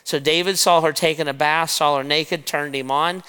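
A man preaching a sermon, retelling a scripture story in a lively way and talking straight to his listeners as "guys". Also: fairly high pitch, normal speed, smooth. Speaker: pastor. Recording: long reverb of a large hall.

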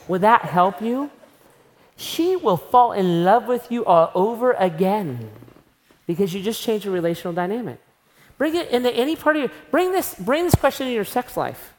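A woman preaches a sermon at a mid pitch, talking conversationally to her listeners. Her voice rings with the long reverb of a large church hall. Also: animated, normal speed, a little mellow. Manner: conversational, acts out scenes.

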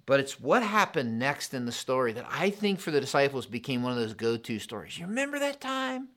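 A pastor preaching a sermon, in an animated, conversational style built on contrasts. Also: male voice, mid-range voice, a little fast.

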